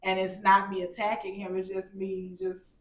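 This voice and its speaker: Animated woman in an echoey room. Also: medium pitch, moderate pace. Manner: animated, gets louder when passionate. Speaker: podcast co-host. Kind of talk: casual chat. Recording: roomy echo.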